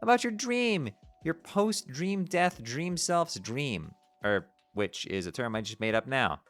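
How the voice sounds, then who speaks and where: A man's voice: mid-range voice, expressive, measured pace, fairly bright tone, soft background music. A man voicing a bubbly, regal teenage sea-troll princess who drops "glub" into her speech as he reads a webcomic aloud. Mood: airy explaining.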